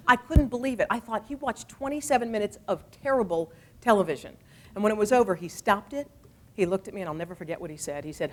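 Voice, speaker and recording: Woman in her forties, speech with lively anecdotes, mid-range voice. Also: medium pitch, brisk, slight background noise. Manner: lively, animated storytelling with quoted voices. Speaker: speaker giving a talk. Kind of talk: storytelling speech.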